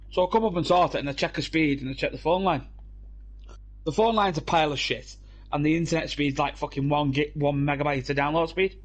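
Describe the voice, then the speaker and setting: Young British guy, slightly high voice, sweary rambling gamer banter, laughing often, headset chat. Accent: British English. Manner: rambling, profane storytelling with frequent laughs. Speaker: gamer streaming with friends. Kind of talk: casual banter while gaming.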